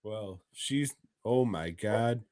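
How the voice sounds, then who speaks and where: A man's voice: lowish voice, animated, drawn-out words, darkish tone, no room sound, studio quality. A man co-hosting a podcast, recapping episodes in a crude, joking way and laughing as he talks. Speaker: podcast co-host. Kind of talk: casual chat recapping a horror anthology.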